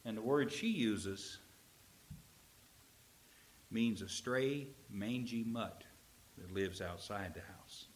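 A man preaching a sermon as pastor, telling a story with animated swings from loud emphasis to a near whisper. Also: fairly low pitch, takes it slowly, long pauses, a little hiss or hum.

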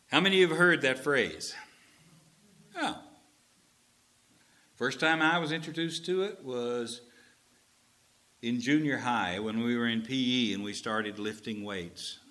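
A man preaching a sermon as pastor, animated, with folksy asides to the congregation. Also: medium pitch.

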